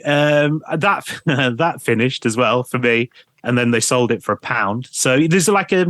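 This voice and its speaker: A man, a radio presenter telling lively anecdotes in an interview, laughing often and mimicking people he knew. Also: mid-range voice, no room sound, clean studio sound. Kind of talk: storytelling interview chat.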